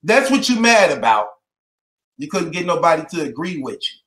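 A man's voice: fairly high pitch, big pitch swings, moderate pace, a bit bright, echoey room. A man delivering a mocking rant to the camera, taunting and repeating his jabs and breaking into laughter between them.

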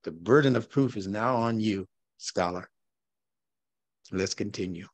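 A man's voice: fairly low pitch, unhurried, dry recording. A man teaching a recorded religious class, who challenges his listeners with rhetorical questions and repeats his key points. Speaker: religious instructor.

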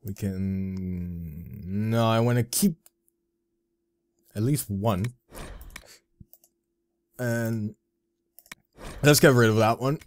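A man casually commenting on his own gameplay, rambling and self-deprecating, with sudden excited outbursts. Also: medium pitch. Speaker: let's play gamer.

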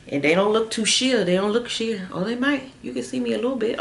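A young adult woman doing a casual shapewear try-on for her viewers, chatty and animated, calling them girl and y'all, often jumping into high excited squeals. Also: a little fast, creaky, few pauses. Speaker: beauty vlogger reviewing shapewear. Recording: echoey room.

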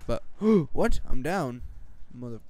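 A man's voice: mid-range voice, animated, slow pace, darkish tone, slight background noise. A teenage boy giving rambling, jokey gameplay commentary late at night, swearing and jumping between topics. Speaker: gaming commentator.

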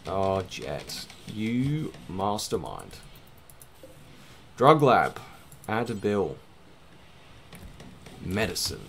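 A man's voice: sits low, sing-song, very slow, gravelly, pauses often, husky. A man giving casual, rambling, self-mocking commentary while playing a game, swearing now and then. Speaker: gaming let's-play host.

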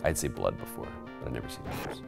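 A man telling a rambling, animated story in casual chat while playing a retro game in a studio. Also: extremely low pitch, fast, creaky, loud music behind the voice. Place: studio, sitting at a game console.

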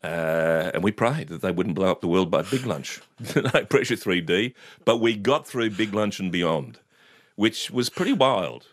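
A man's voice: low-pitched, lively intonation, a little slow, no room sound, studio quality. A man in his fifties with an Australian accent, telling rambling anecdotes in an interview and often laughing. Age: 50s. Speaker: guest. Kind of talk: casual storytelling interview.

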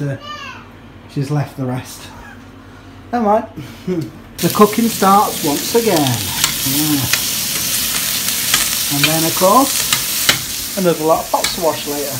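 Filming a casual home vlog on what sounds like a handheld camera, a cheerful man in his thirties with a voice on the high side talks to camera across a family evening. He laughs a lot and turns sing-song when addressing the kids, while a steady background hiss and kitchen clatter fill the noisy recording.

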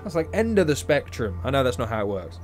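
Brief male game commentator, sleepy and rambling, quiet music behind. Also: medium pitch, sing-song, fast. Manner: rambling, joking, talks to himself. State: tired, yawning. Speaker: gameplay commentator.

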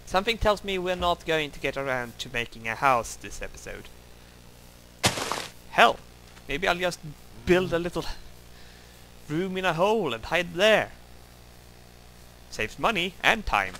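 A man's voice: fairly high pitch, very animated, measured pace, pauses often, bright, forceful tone, slight background noise, poor audio. A man giving wry, self-mocking commentary while playing a game, grumbling at it as he goes. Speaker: gameplay commentator. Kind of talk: let's play commentary.

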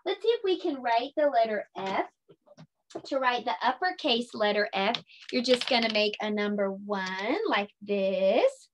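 A woman leading a children's circle time lesson, speaking in a slow, sing-song, encouraging way and stretching her words out. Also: fairly high pitch, animated, a little hiss or hum. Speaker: preschool teacher.

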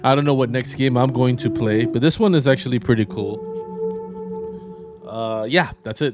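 A gaming YouTuber talks over music in a mid-range voice at normal speed, giving loose, rambling commentary on his gameplay. He gets exasperated easily and laughs often, recording from a room at home with a white background.

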